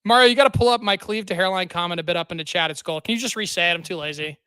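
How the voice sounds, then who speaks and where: Bright high-voiced joking streamer man. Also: rapid-fire, smooth. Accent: non-Southern American. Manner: excitable, joking, bursts into loud mock outrage. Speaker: streamer host. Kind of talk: casual livestream chat.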